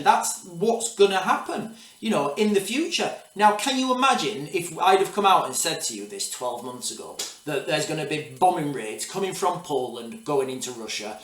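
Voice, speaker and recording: A video host in a casual commentary vlog speaks in a slightly higher, somewhat bright voice than most men, addressing viewers with loose, rambling asides. He often restarts his thoughts and keeps repeating "guys, all right." He sounds distant from the mic, in an echoey room.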